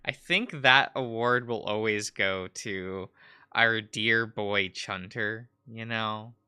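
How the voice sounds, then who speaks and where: A man's voice: on the low side, steady tone, takes it slowly, sharp tone, clean tone. A man chatting casually on a stream while drawing, giggling often and rambling as he searches for words. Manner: giggly, laughs often between phrases.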